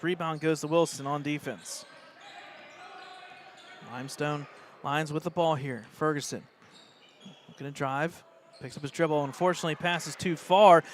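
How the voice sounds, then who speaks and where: An American man doing live play-by-play of a high school basketball game, excitable and openly rooting for the home team. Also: slight background noise. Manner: excitable, partisan, rising pitch on plays. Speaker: play-by-play announcer.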